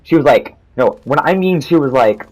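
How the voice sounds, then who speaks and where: A man's voice: mid-range voice, lively intonation, normal speed, rough recording. A young man telling a storytime in a profane, rambling, angry rant, swearing constantly and restarting his sentences. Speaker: vlogger.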